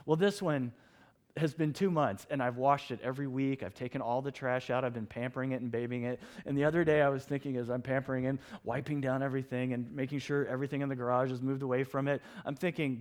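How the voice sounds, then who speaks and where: Animated man preaching a sermon. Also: mid-range voice, fast. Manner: animated storytelling, acts out his own shouts. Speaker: pastor.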